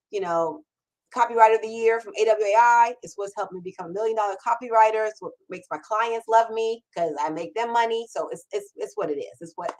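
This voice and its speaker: A middle-aged woman hosting a live-streamed Q&A, energetic and enthusiastic, repeating words for emphasis. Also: a little high, poor audio. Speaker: host. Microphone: camera mic on a livestream.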